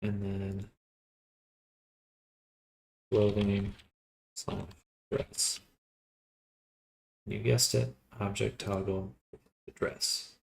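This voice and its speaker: A sleepy man thinking aloud in a quiet, unhurried murmur while he works through a task on a livestream. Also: fairly low pitch, little pitch movement, creaky, a little hiss or hum. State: sleepy, yawning. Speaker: livestreamer building avatars.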